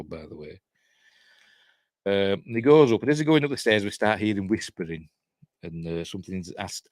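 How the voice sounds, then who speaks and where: A man's voice: lowish voice, no room sound. A Yorkshire man in his fifties recapping a horror film in a casual, digressive way, with chuckling asides. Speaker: film reviewer.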